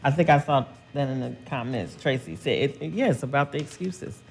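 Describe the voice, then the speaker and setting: Woman, earnest co-host, gravelly voice, faint music behind. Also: extremely low pitch, brisk, a little mellow. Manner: earnest, preachy. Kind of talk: casual chat.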